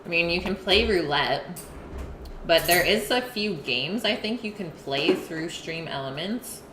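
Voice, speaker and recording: A woman talks casually to her stream chat while she eats, pausing between bites to read messages. Her voice sits a little low for a woman. The sound is roomy, with clear background noise in a home kitchen. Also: lively intonation. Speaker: live-stream cooking host.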